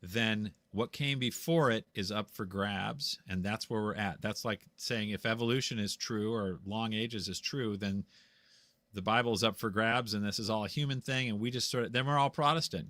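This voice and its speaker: A man's voice: on the low side, normal speed, fairly bright tone, no echo. A man in a casual debate, speaking bluntly and insistently in a preachy, lecturing way. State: tired after a long talk. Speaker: guest.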